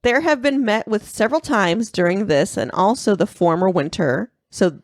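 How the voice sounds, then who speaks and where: A woman co-hosting a podcast in casual chat, telling a story in a giggly, animated way. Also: mid-range voice, moderate pace, dry recording, studio quality. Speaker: podcast co-host.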